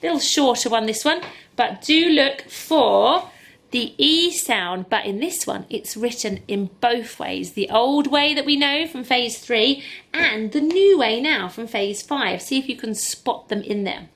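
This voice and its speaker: A woman teaching a phonics lesson to camera, slowly sounding out letters and blending words in an encouraging way. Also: on the high side, lively intonation, a bit bright. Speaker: primary school teacher. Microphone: camera in front of her.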